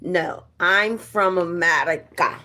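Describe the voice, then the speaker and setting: Slow-talking woman livestreaming. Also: lowish voice, bright, forceful tone. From New Jersey. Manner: chatty, playful, greeting viewers by name. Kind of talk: casual live-stream chat.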